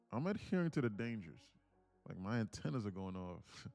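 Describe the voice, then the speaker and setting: Man, deep voice, gravelly, live trading commentary, muttering then excited, faint music behind. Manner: talks to himself, muttering then excited bursts, laughs often. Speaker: day trader streaming live. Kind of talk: casual live-stream commentary.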